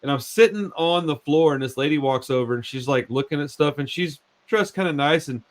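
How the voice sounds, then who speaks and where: A man in his forties hosting a podcast, talking in a relaxed way, often saying dude and bro and repeating words as he tells animated stories. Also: a little high, fairly quick. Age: 40s. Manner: laid-back, says dude and bro a lot, repeats words; animated storyteller. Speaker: podcast host. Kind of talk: casual chat.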